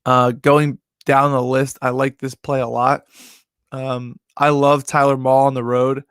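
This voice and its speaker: A young man tells a long, rambling story as a sports betting host, filling his talk with "like" and "yo". His voice sits at an ordinary middle pitch. The sound is dry and close, with no room around it. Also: unhurried, smooth, no room sound. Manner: rambling, animated storyteller full of "like". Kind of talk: casual storytelling recap.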